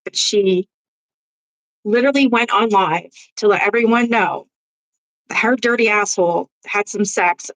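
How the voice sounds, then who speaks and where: A woman's voice: medium pitch, a little slow, fairly bright tone, poor audio. A woman hosting a casual live stream who talks bluntly, swears freely, laughs often and answers viewer comments. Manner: blunt, profane gossip with frequent laughs. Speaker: livestream host.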